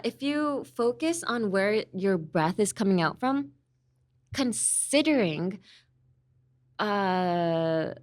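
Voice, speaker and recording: A young female language teacher and host from Los Angeles, USA, has a mid-range voice, captured in studio quality with no room sound. Her casual podcast lesson is chatty, moves easily between English and Japanese, and explains things with examples.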